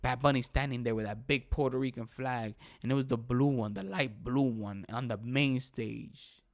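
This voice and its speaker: A young man hosting a casual talk show, excitedly giving his opinions, switching between English and Spanish and saying "bro" all the time. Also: mid-range voice, normal speed. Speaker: podcast host.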